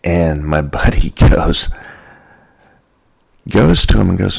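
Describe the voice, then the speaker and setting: A man's voice: low-pitched, lively intonation, slow, vocal fry, a little mellow, husky. A man hosting a podcast, telling a casual story in a jokey way and acting out the people he quotes. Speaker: podcast host.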